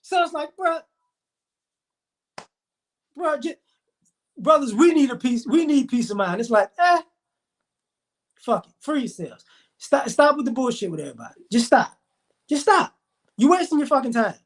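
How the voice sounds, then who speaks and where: Extremely high and sing-song, a man's voice carries a fast, profane rant as he tells a story to camera. He gets heated and performs the words of the people in the story.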